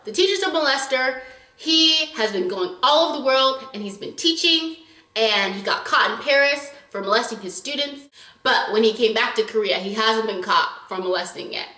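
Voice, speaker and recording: A young woman recaps a drama episode in chatty, animated vlog talk. Her bright, fairly high voice swoops all over the place as she acts out scenes. The recording is echoey, as if made in a reverberant room. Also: normal speed. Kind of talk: casual recap chat.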